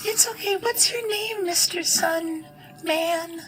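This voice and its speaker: A man voicing a tiny female fairy healer in a high, squeaky voice, scolding her friend and gently greeting a stranger. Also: slow pace, crowd noise, rough recording. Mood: gentle.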